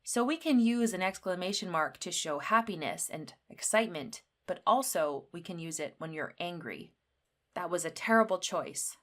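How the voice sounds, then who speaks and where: This grammar lesson comes from a woman with a fairly low pitch who lays out English rules slowly and clearly. Her example sentences are delivered with animated emphasis.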